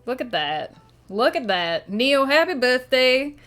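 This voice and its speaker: A woman's voice: high voice, sing-song, unhurried, fairly bright tone, soft background music. A woman streamer chatting casually on a live stream, talking along while she fiddles with props. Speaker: streamer and writer.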